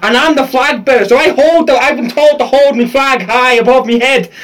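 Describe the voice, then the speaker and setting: A man with a very high voice hosts a comedy podcast. He spins funny anecdotes with animated energy and laughs along with his own tale. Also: brisk. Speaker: podcast host. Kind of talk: comic storytelling chat.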